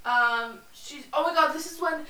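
Young woman, podcast co-host, high voice, rambling, swears a lot, echoey room, mic set back. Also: moderate pace. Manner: rambling, swears, trails off into quoted lines. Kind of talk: casual chat. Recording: echoey room, mic a bit far off, faint noise.

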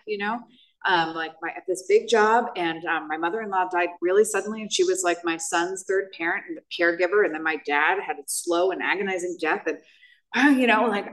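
A woman's voice: medium pitch, moderate pace, fairly bright tone, distant mic. A middle-aged woman sharing her personal story at a recovery meeting, talking in a loose, rambling way full of fillers and self-deprecating asides. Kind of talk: personal testimony share. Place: meeting hall at a podium.

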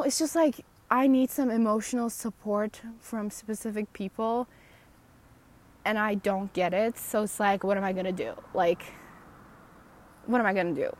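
A woman hosting a personal podcast while walking outdoors, talking into a phone in a chatty, self-mocking, sarcastic ramble full of "like". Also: mid-range voice. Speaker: podcast host.

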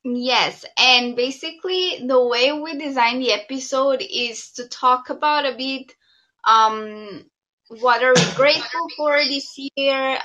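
A woman co-hosting a podcast in casual chat, talking in a warm, chatty way with many fillers. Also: sits high, low-quality recording. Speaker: podcast co-host.

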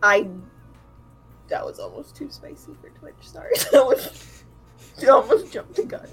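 A giggly, flustered woman plays her character in a tabletop game. Her voice runs a little high and swoops about, over faint music. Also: lively intonation, a little slow, breathy edge, rough recording. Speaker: player.

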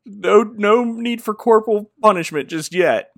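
A man's voice: high voice, a little slow, creaky, a bit bright, dry recording, clean studio sound, pitched above the performer's own voice, full character voice. A man voicing a stern old male professor in a casual, mock-stern way while retelling a movie.

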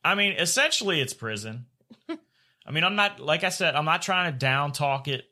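A man's voice: a little high, sing-song, normal speed, sharp tone. Profane laughing storyteller man. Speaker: podcast co-host. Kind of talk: casual chat.

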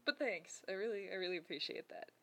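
A woman's voice: medium pitch, lively intonation, quick pace, sharp tone. A woman co-hosting a folklore podcast in casual, chatty talk with frequent laughs and rambling asides. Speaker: podcast co-host.

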